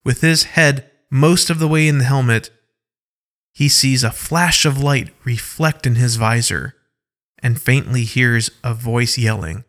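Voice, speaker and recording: A man narrating an audio science-fiction story in an even, descriptive way. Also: medium pitch, a little slow.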